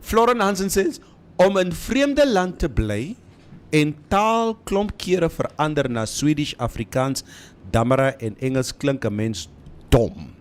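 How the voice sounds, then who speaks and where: A man's voice: fairly high pitch, animated, unhurried. A man in his fifties co-hosting a radio show from a studio, reading out listener comments between bursts of laughter and mixing English with Afrikaans. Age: over 50.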